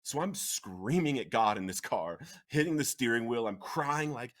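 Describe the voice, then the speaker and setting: A man's voice: medium pitch, moderate pace. Earnest man telling his recovery story. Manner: earnest, animated, laughs through dramatic moments. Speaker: podcast guest sharing recovery story. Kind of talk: emotional personal storytelling.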